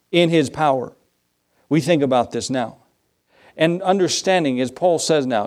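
A pastor delivers a sermon in a man's voice pitched a little above the usual. He talks to the congregation conversationally, throwing out rhetorical questions and acting out short exchanges as he goes. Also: a little slow, long pauses, a little mellow. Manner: conversational preaching that acts out dialogues and asks rhetorical questions.

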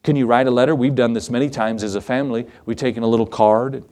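A man's voice: mid-range voice, steady tone, quick pace, dark tone. Folksy earnest male pastor preaching. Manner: earnest, folksy, chuckles often; emphatic repetition, rising preacher cadence. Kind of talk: sermon.

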